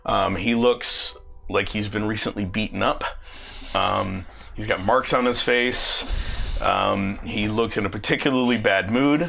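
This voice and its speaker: A man's voice: on the low side, unhurried, creaky, background noise. A man narrating as game master of a tabletop role-playing game, rambling with lots of ums and chuckles. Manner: rambling, full of ums and restarts, chuckling often.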